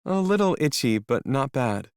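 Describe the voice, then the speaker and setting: A man's voice: medium pitch, sing-song, normal speed, clean tone, no room sound, clean studio sound, pitched above the performer's own voice. A male narrator voicing a nervous, sniffly young woman in an audiobook. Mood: anxious. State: sniffly, stuffed up. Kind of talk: audiobook character voice.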